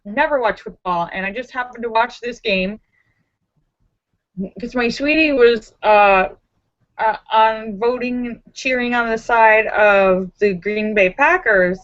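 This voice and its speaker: A woman hosting a casual live-stream chat, talking in an animated, emphatic, sassy way. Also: a little high, muffled recording. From Los Angeles area. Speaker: livestream host.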